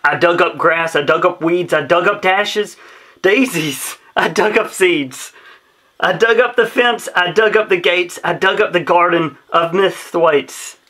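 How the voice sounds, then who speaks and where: A man's voice: high-pitched, unhurried, bright, forceful tone. A man reading a rhyming children's story aloud in a rhythmic, sing-song way. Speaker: storybook reader.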